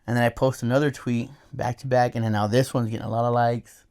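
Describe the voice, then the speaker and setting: A man's voice: mid-range voice, fast talker. A middle-aged man co-hosting a casual podcast, telling stories with heavy swearing and mocking quoted voices, on a microphone that peaks and distorts. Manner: profane, animated storytelling with mocking put-on quotes. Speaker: podcast co-host. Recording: peaking, distorted microphone audio.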